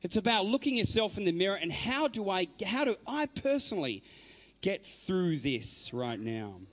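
Male inspirational speaker: higher voice, very lively delivery, dramatic hushed-to-loud storytelling. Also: normal speed. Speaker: motivational speaker. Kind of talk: inspirational faith talk.

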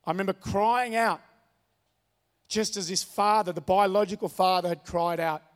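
A man's voice: high voice, fairly even intonation, moderate pace, big-room sound. A man preaching a sermon, telling a personal story in an earnest way and repeating his key phrases. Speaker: pastor.

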